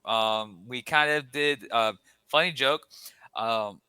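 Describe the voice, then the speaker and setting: Male podcast co-host, rambling storyteller, clear smooth voice. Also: mid-range voice, takes it slowly, bright, forceful tone, no room sound. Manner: rambling storyteller with frequent restarts. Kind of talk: casual podcast chat.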